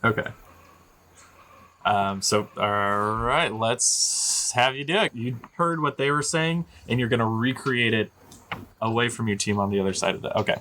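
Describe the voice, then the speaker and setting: A man's voice: medium pitch, lively intonation, moderate pace, bright, forceful tone, slight background noise. A man narrating as game master of a tabletop game, in loose, chatty storytelling with many fillers.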